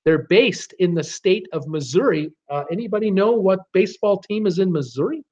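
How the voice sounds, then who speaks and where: A man's voice: high-pitched, lively intonation, normal speed, darkish tone, lo-fi sound. A man hosting a casual live-stream trivia game, chatty, reading out viewer names and answers with lots of fillers.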